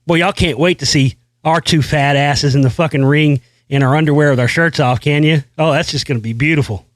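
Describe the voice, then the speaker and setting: A man's voice: on the high side, a little fast, no echo, studio quality. A man hosting his own show, delivering a brash, boastful, profane rant full of repeated phrases. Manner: brash, boastful, heavy swearing, repeats himself. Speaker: show host. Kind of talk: profane ranting monologue.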